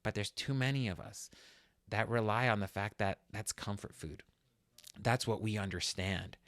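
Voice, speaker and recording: This fitness podcast host has a lowish voice and talks at normal speed, his earnest, personal tone turning loud and emotional as he recounts a struggle of his own. Clean studio sound, no echo.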